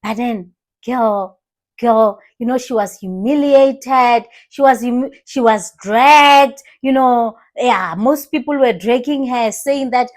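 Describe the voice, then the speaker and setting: A young woman with a South African accent giving animated, casual commentary, switching languages mid-sentence and laughing often. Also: a little high, slow. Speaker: commentary vlogger.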